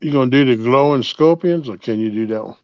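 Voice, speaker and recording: A man's voice: medium pitch, quick pace, clean tone, no echo, lo-fi sound. A man in casual chat, talking in an easygoing, encouraging way.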